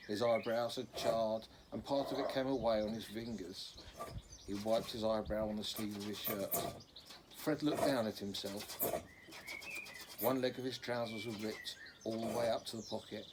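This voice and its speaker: A man's voice: fairly low pitch, gravelly, background noise. A man reading a children's novel aloud in an unpolished way, stopping now and then to correct slips. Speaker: reader.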